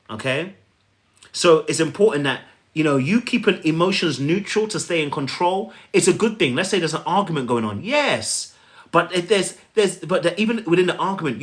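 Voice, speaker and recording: A man with a slightly raised voice coaches his viewers on relationships. He talks straight at them, repeating key phrases and acting out little scenes. His delivery is lively and personal. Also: a little high. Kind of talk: coaching talk to camera.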